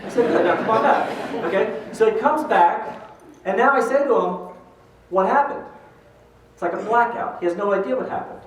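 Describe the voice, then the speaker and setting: A fairly high-voiced older man gives a lively motivational talk, acting out the people in his stories. He is heard from a distance in a big, very echoey hall. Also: brisk, slight background noise. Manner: animated storyteller acting out quoted voices. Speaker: speaker at a pro-life event.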